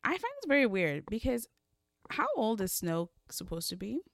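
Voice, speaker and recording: A woman co-hosting a casual book chat, retelling scenes in an animated way and acting out the characters. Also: on the high side, normal speed, creaky, dry recording, clean studio sound. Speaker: book podcast co-host.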